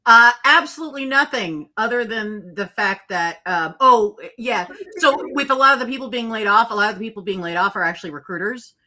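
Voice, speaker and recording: A woman's voice: a little high, brisk, hardly any pauses, bright, forceful tone. A woman from Minnesota co-hosting a casual live chat, playful and jokey. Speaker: co-host.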